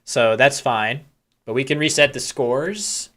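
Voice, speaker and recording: A man calls a live tournament like he's chatting with friends watching at home. His voice is bright and forward, with a middling pitch. He drifts into candid, joking side stories and pokes fun at himself. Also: a little slow. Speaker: tournament commentator. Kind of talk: live game commentary, casual chat.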